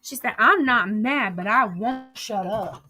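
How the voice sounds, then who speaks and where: A woman's voice: medium pitch, a little slow, bright, forceful tone. A woman streaming casual commentary, reading text messages aloud in a profane, gossipy way and laughing often. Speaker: social media streamer.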